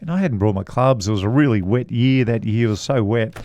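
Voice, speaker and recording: A man's voice: mid-range voice, fairly quick, a little mellow, dry recording. A middle-aged man with an Australian accent, a podcast co-host and golf commentator telling a long rambling anecdote with frequent chuckles. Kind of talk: casual storytelling chat.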